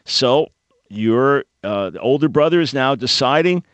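A man's voice: medium pitch, animated, a little slow, a bit bright, dry recording. A man hosting a call-in talk radio show, explaining points in a teaching, emphatic way with everyday analogies.

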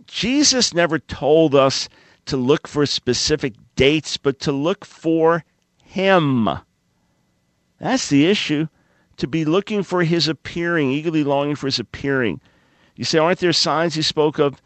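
A man hosting a call-in radio show, reading and commenting with sarcastic, animated asides. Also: fairly high pitch, measured pace, no room sound. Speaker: radio talk show host.

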